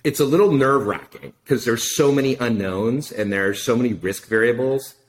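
A middle-aged man telling a story casually in an interview, animated and profane, acting out the dialogue. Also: medium pitch, moderate pace, a little hiss or hum. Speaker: podcast guest, wine consultant.

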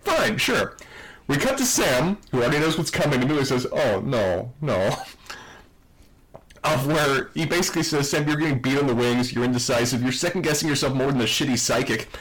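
A man's voice: medium pitch, fast talker, fairly bright tone, rough recording. A man co-hosting a podcast, recapping a TV episode with enthusiasm and reading quotes aloud in casual chat. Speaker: podcast co-host.

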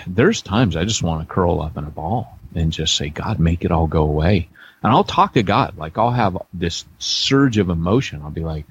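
A man's voice: low voice, muffled recording, a little hiss or hum. A middle-aged man co-hosting a podcast, telling rambling, self-deprecating stories with many restarts in a casual chat. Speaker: podcast co-host, church planter.

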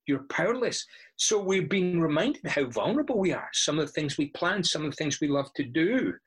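A middle-aged man preaching a sermon, telling stories with lively quoted voices. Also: fairly high pitch, slightly rough. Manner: animated storytelling, acting out quoted voices. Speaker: pastor.

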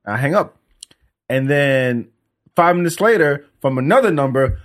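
A man hosting a podcast in casual chat, telling stories and acting out phone calls in an animated way. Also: on the high side, moderate pace. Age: adult with young son. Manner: animated storyteller, acts out calls. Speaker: podcast host.

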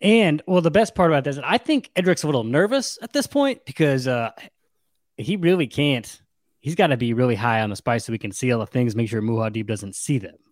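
A young man co-hosting a casual chat, retelling a story with lively, acted-out quotes. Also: medium pitch, a little fast, no echo, clean studio sound. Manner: animated, acts out quotes with shifts in voice. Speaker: podcast co-host recapping a novel.

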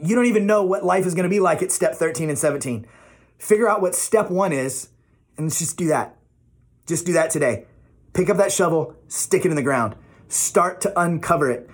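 Husky man giving a pep talk. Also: on the high side, a little fast. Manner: encouraging, repetitive, affectionate. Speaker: motivational vlogger. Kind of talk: casual motivational talk to camera. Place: at home.

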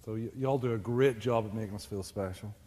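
A man's voice: on the low side, fast talker, dark tone, big-room sound. Man preaching with joking, easy chat. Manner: chatty, joking with the congregation. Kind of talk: sermon. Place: church.

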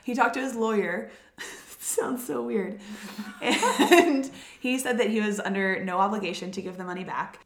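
In an echoey room, a woman with a Southern US accent hosts a podcast, her voice mid-range and her pace moderate. She tells a story in a chatty, giggly way, tripping over names as she goes.

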